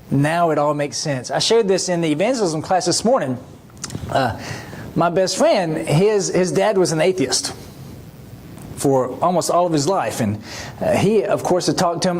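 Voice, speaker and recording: A man's voice: high-pitched, darkish tone, slight background noise. A man preaching a sermon, telling stories in a folksy way with many fillers. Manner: folksy storytelling with frequent fillers. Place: church sanctuary.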